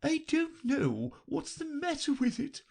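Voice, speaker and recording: A woman reading an audiobook, voicing a flustered, untidy, melancholy queen in a high, plaintive voice. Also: very animated, a little slow, a little mellow, slightly rough, heavily acted.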